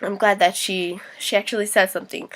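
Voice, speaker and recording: A woman's voice: medium pitch, flat delivery, fairly quick. A young woman vlogging, venting frankly and indignantly about a hurtful situation, swearing freely. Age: young adult. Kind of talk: casual venting vlog.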